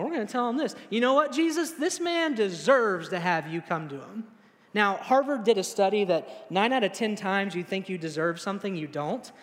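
Young male preacher, casual storyteller who acts out his quotes, high-pitched, reverberant sanctuary. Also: a bit bright. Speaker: pastor. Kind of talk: sermon.

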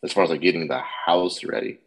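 A man's voice: low voice, brisk, low-quality recording. A man co-hosting a podcast, laid-back in casual chat, often giving short replies. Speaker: podcast co-host.

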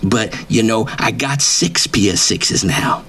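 A man's voice: on the low side, slow pace, fairly bright tone, slight background noise. A man voicing a boastful, swaggering male wrestling writer who brags nonstop and repeats his catchphrases in a comedic character bit. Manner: brash bragging, repeats catchphrases, drawls "man" constantly.

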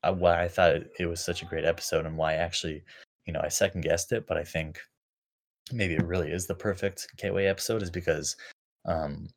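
Low-voiced man musing haltingly. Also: fairly even intonation, creaky. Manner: halting, full of fillers and restarts. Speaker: podcast co-host. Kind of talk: casual reflective chat.

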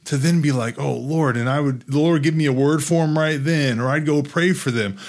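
A man talking about faith in an earnest way, growing excited and lively as he speaks. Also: fairly high pitch, brisk. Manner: earnest, gets excited and animated. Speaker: Christian teacher. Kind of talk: casual faith discussion.

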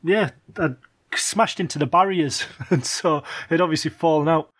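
A man's voice: on the high side, normal speed, fairly bright tone. Hesitant man telling stories. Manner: hesitant, many fillers, laughs while telling stories. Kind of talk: casual chat, telling anecdotes.

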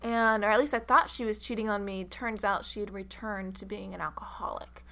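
A woman's voice: mid-range voice, steady tone, a little fast, fairly bright tone. A woman guest on an interview podcast, talking casually with many fillers and easy laughs. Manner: chatty, filler-heavy, laughs easily. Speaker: actress guest.

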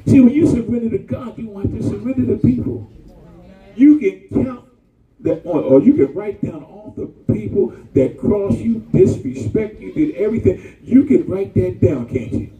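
A man preaching a sermon, animated and colloquial, calling out to the congregation. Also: high voice, moderate pace, echoey room, far from the mic, highs cut off.

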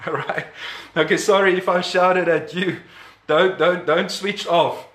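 A man's voice: high voice, steady tone, measured pace, a bit bright, echoey room. A man preaching a sermon, emphatic, repeating key words and chuckling between points.

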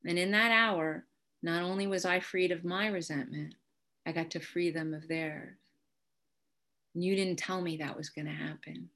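A woman's voice: fairly low pitch, fairly even intonation, moderate pace. Candid woman telling a recovery story. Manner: candid, wry storytelling with sudden quiet drops. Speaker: speaker sharing recovery story. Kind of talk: personal testimony talk.

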